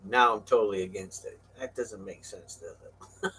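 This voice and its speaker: A man's voice: fairly low pitch, steady tone, normal speed, sharp tone, a little hiss or hum. An older man on a talk show, telling a rambling story with frequent laughs. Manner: rambling, laughs often, acts out voices in quotes. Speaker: show guest telling stories. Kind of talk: casual storytelling. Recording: voice a bit far from the mic.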